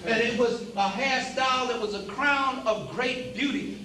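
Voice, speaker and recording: A man's voice: very high-pitched, animated, measured pace, bright, forceful tone. A man giving a preacher-style lecture to an audience, emphatic and repeating phrases for emphasis. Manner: addresses the audience as brothers and sisters. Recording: roomy hall, speaker away from the mic, faint background hiss.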